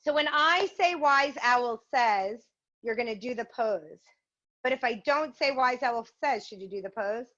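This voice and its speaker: A woman's voice: fairly high pitch, animated, unhurried, fairly bright tone. A woman leading a virtual yoga and mindfulness class, guiding poses and a game in an upbeat, encouraging way. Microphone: video call. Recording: muffled video-call audio.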